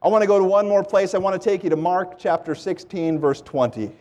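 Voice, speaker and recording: A man preaching a sermon with passion, his voice climbing into loud pleading and dropping to hushed lows. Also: fairly quick. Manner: impassioned, swings from loud pleading to low hushed.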